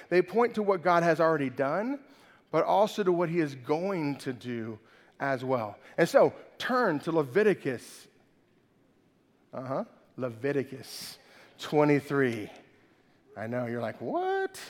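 A man preaching a sermon in a casual, chatty way, tacking "right?" onto his points. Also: high-pitched. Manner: chatty, keeps adding "right?". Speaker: pastor. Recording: long hall reverb.

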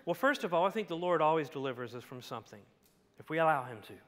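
A man with a high voice preaches a sermon and tells the story with drama, dropping to a hush and then rising to a shout. His voice rings out in a church sanctuary with a long reverb tail. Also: expressive, quick pace. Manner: dynamic storytelling, swinging from hushed to shouting. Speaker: pastor. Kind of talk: expository sermon.

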